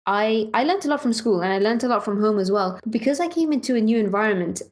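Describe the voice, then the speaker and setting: A young woman, a medical student, co-hosting a podcast and chatting animatedly with lively asides. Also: a little high, fast. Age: young adult. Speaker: podcast co-host. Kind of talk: casual chat.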